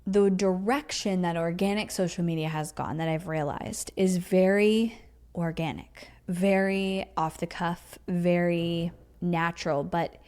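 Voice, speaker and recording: A lowish, darkish voice with fairly even intonation and a slightly slow pace belongs to a woman hosting a casual solo podcast. She improvises in a chatty, emphatic teaching tone, full of "like" and "you know."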